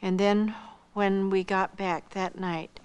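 An older woman from Iowa, a missionary earnestly telling her life testimony, acting out dialogue and dropping softly toward a whisper at tender moments. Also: medium pitch, level tone, slow, clear, resonant tone. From Iowa, United States. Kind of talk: personal testimony storytelling.

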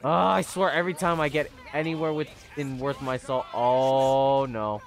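A young man streaming live gameplay, talking excitably to his viewers, swearing often and yelling at the game. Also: medium pitch, unhurried.

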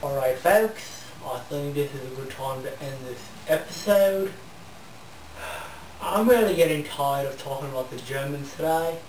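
A man's voice: medium pitch, animated, unhurried, a little mellow, reverberant, distant mic, a little hiss or hum, rough recording. A man hosting a comedic parody, ranting in a blustery, mock-indignant way and sometimes slipping into fake foreign gibberish. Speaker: parody show host.

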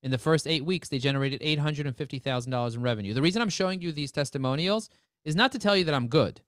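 A man presenting a live webinar, talking in energetic, joking sales patter. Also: on the high side, fast talker, no echo, clean studio sound.

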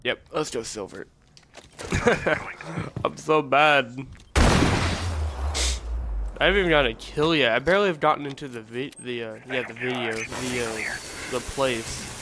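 A man's voice: mid-range voice, brisk. A man streaming a shooter game, commenting casually and mocking himself and his teammates. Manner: self-mocking, exasperated outbursts at teammates. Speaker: gamer streaming his play. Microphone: phone recording. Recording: noisy game audio underneath.

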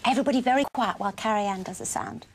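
A woman's voice: a little high, racing, a little hiss or hum. A woman presenting a children's television programme, talking to small children in an encouraging, playful, sing-song teacher's manner. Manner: playful, gently coaxing.

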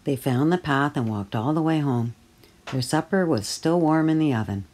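A woman reading a children's picture book aloud for storytime, gently and clearly. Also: sits low, lively intonation, normal speed. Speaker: storytime reader at early years centre.

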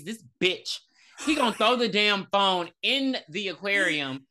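A woman co-hosting a casual movie review podcast, retelling scenes with animated energy and frequent swearing. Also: mid-range voice, moderate pace. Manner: animated retelling, acts out characters, profane. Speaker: podcast co-host.

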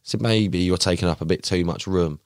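A young man, a podcast guest, chatting casually and telling animated, slangy stories full of fillers. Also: low-pitched, brisk, no room sound, clean studio sound. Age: young adult. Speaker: podcast guest, carp angler. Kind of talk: casual chat.

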